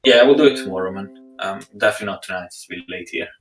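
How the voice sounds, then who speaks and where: A man in an echoey room, heard from a bit away from his mic. He plays a tabletop game, speaking earnestly and haltingly, often repeating words. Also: deep voice. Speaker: player. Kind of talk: casual tabletop game talk. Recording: echoey room audio from far off.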